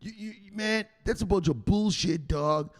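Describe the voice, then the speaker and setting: A man voicing a skeptical streetwise male buddy who mocks crypto, slangy and loud. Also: high-pitched, measured pace, voice pushed up. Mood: mocking.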